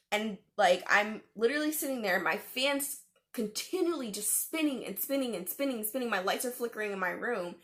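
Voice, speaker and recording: A young woman vlogger telling a personal story in a casual, animated way, with fillers and laughs. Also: fairly high pitch, moderate pace.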